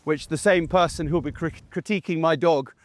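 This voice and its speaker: Male gundog trainer, slightly high voice, chatty field teaching with short commands to the dog, dry close sound outdoors. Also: fairly even intonation, moderate pace, dry recording. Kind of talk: instructional talk while working a dog in the field. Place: outdoors in a field beside a game crop.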